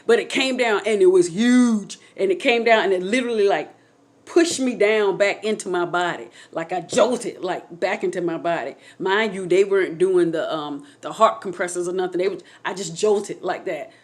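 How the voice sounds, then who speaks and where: A woman telling her own near-death story to her viewers in an animated, excitable way, speaking straight to them with faith and feeling. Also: on the low side, normal speed. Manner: testimonial, faith-filled. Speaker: channel host telling a personal story. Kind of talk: emotional personal storytelling.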